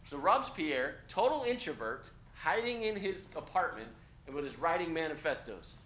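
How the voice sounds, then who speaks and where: A male instructor lectures with a bright, forceful tone and keeps checking in with his students. The classroom rings with echo, and a faint hiss sits underneath. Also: on the high side, moderate pace. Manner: energetic, conversational, frequent "okay?" check-ins. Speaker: college instructor. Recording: echoey classroom with faint noise.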